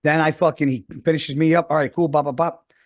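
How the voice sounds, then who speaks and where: A man's voice: on the high side, fairly even intonation, fast talker. A man in his thirties, a podcast host, telling a rambling story in casual chat and swearing often.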